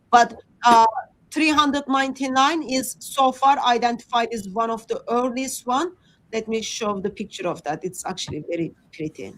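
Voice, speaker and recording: A woman with a fairly high voice and a talks through her points on a casual livestream. She speaks haltingly, with many ums and restarts. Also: a bit bright, low-quality recording. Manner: hesitant, many fillers and restarts. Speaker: Christian apologist presenter.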